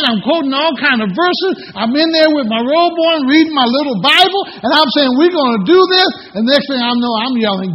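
A man's voice: very high-pitched, expressive, brisk, few pauses, a bit bright, slight background noise. A middle-aged man preaching a sermon as pastor, telling folksy personal stories between scripture readings. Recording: echoey hall, dull lo-fi sound.

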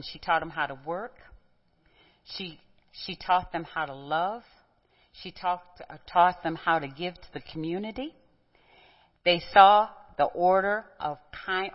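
A middle-aged woman teaching a group, conversational, telling personal stories and asking rhetorical questions. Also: lowish voice. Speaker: women's Bible teacher. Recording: dull, reverberant hall recording.

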